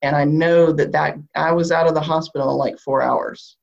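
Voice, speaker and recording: A woman with a Southern US drawl talks a group through a guided meditation at an easy, calming pace. Her voice carries a low, gravelly fry. The audio is a little dull and muffled. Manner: slow, soothing guidance with long pauses. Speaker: shamanic practitioner leading a group. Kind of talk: guided meditation and spiritual talk.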